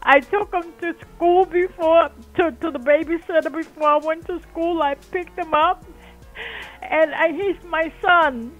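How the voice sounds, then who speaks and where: A woman's voice: very high-pitched, steady tone, a little slow, narrow, tinny audio, soft background music. Tearful older woman calling in. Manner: emotional, tearful. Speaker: caller, guest's aunt. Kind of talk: phone call to a talk show.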